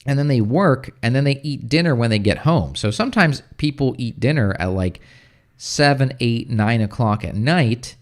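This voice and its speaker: An American man hosts a relaxed livestream English lesson at a middle pitch. He talks in a loose, chatty way, answering viewer questions, and slows down to spell out words before checking in with "right?". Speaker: English teacher. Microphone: streaming setup.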